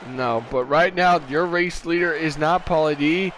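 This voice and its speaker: A man's voice: a little high, unhurried, fairly bright tone, some chatter behind, slight background noise. A tired man doing casual play-by-play commentary for an online racing stream, rambling and correcting himself as he goes. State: tired, yawning. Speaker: race commentator.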